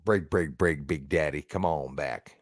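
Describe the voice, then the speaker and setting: A man's voice: very deep voice, a little slow, no echo, clean studio sound, pitched below the performer's own voice. A man putting on the voice of a drawling male CB radio trucker, in a mock Texan drawl. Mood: joking.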